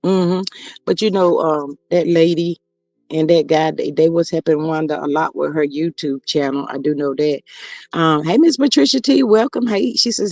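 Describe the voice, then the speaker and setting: A man hosts a casual gossip livestream, chatting with viewers, reading their comments aloud, and tossing drawling asides to chat. His voice sits high, unhurried, gravelly, and a little mellow; the recording is muffled with no room sound.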